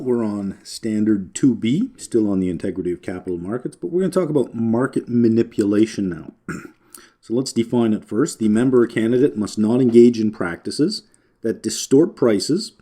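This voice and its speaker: Male lecturer, warm low-key tone, chatty explanations with filler words and dry humor. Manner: conversational, frequent filler words and restarts, wry asides. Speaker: finance instructor. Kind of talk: recorded lecture.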